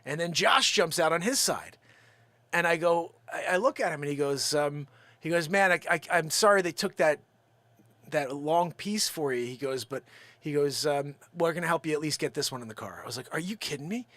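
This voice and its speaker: A man's voice: a little high, normal speed, sharp tone, no echo. A man hosting his own live stream, telling a story casually and acting out the quotes in it. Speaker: livestream host and drum builder.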